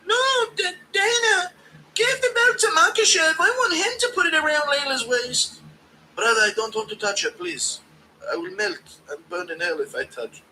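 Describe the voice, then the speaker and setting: A man doing an impression of a whiny, pleading young male fighter in a high, crying voice. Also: lively intonation, normal speed, sharp tone, slight background noise, full character voice, rough recording.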